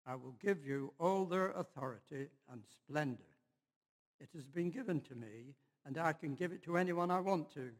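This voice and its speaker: A man giving a measured, unhurried Bible reading in church. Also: on the high side, long reverb tail. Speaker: scripture reader.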